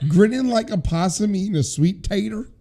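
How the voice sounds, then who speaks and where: A man from New York City hosting a live chat show, loud and joking as he teases his co-host and callers. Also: sits high, expressive, normal speed.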